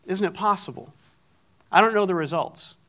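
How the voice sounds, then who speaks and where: A man's voice: high voice, moderate pace, bright, forceful tone. A middle-aged man preaching, telling a story with animation and acting out the people in it. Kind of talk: storytelling sermon.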